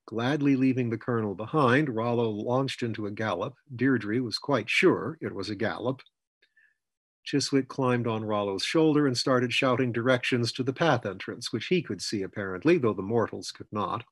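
Husky man narrating a fantasy story. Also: medium pitch, no room sound. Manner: measured storytelling. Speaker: author reading his story. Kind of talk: scripted narration.

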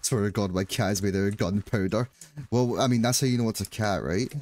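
A man's voice: on the low side, fairly even intonation, brisk, darkish tone. Joking Glaswegian man streaming a game. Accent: Glaswegian Scottish. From Scotland. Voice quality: joking, rambling, frequent laughs and restarts. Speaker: livestreamer. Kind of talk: casual chat while gaming.

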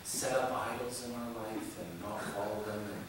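A hushed, sugar-sweet preacher, as a pastor imitates him, speaking low and gently. The sound comes from far off in a very echoey hall. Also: male voice, normal speed, noisy background, lightly acted. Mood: syrupy. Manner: sugary, overly polite, hushed. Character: soft-spoken gentle evangelical preacher, man.

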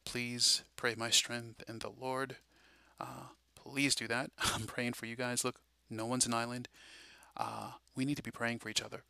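A man talks through a loose, preachy monologue, eager and rambling, full of fillers. His voice is very bright and keen-edged. The sound is dry and close, as in a small room. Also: mid-range voice, flat delivery, unhurried, vocal fry, clean tone, dry recording. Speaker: Christian prophecy video host. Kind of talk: casual monologue.

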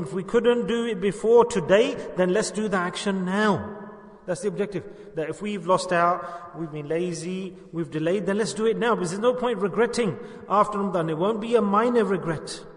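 Male preacher, high-pitched, earnest and emphatic, long hall reverb. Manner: earnest, repeats for emphasis, asks the audience questions. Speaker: religious teacher. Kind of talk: sermon.

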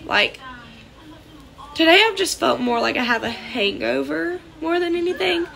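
Young woman, congested and coughing, higher voice, scattered casual vlog talk. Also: lively intonation, measured pace, creaky, sharp tone, a little hiss or hum. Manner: scattered, rambling, many fillers. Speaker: vlogger. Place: small trailer indoors.

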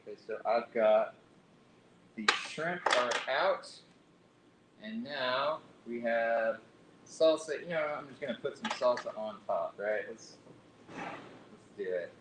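A man's voice: expressive, slow, long pauses. A man hosting a live cooking demonstration, reading recipe steps aloud and chatting casually as he plates food. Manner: chatty, self-correcting, reads recipe aloud. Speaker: cooking show host. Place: library kitchen room. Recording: echoey kitchen with faint rumble.

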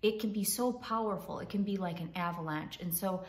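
A woman's voice: fairly low pitch, fairly quick, roomy sound. A woman hosting a ministry talk, speaking in an earnest, encouraging way. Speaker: host.

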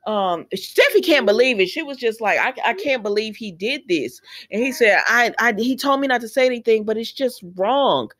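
A woman's voice: on the high side, animated, fairly bright tone. Chatty woman recapping with sassy asides. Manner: chatty, retells scenes with quick quoted voices and sassy asides. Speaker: soap opera recap host. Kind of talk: casual spoken recap.

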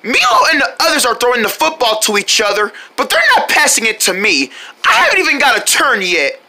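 Woman plays whiny young girl, high and very animated. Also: brisk, full character voice. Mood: sulky. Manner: whiny, complaining. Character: young girl, new to the team, sulky when left out.

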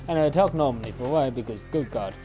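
A man's voice: medium pitch, very fast, mellow, soft background music. A man giving casual gameplay commentary, self-mocking about his own attempts at voices. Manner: self-mocking, chuckling at himself. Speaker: gaming YouTuber.

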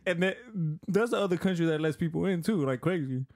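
A man's voice: on the high side, fast talker, a little mellow, dry recording, studio quality. A man from California co-hosting a podcast, talking casually and telling stories with lots of restarts. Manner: loose storytelling with many restarts. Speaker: podcast co-host. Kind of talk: casual chat.

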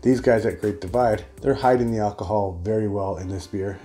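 A man's voice: lowish voice, brisk, dark tone, soft background music. A man giving a chatty, rambling solo beer review.

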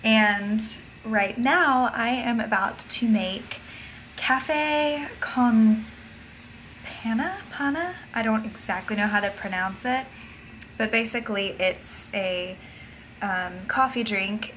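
A woman's voice: mid-range voice, unhurried, fairly bright tone, slight background noise, low-quality recording. A young woman chatting casually in a video blog, talking with frequent fillers. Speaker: vlogger. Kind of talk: casual vlog chat.

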